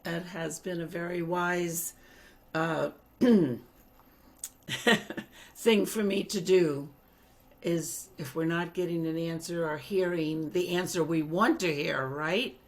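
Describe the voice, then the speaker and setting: A woman with a New Orleans accent, a congregant earnestly telling a personal story and clearing her throat now and then. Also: on the low side, fairly even intonation, takes it slowly, long pauses. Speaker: congregant sharing a memory. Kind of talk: personal anecdote.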